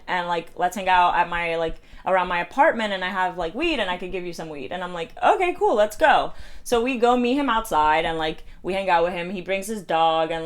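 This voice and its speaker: A woman's voice: mid-range voice, clear, resonant tone. A young American woman in her twenties telling a story to her phone camera in a casual chatty way, filling her speech with "like" and acting out the voices of other people. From United States. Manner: chatty, heavy use of "like", acts out quoted voices. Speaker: vlogger.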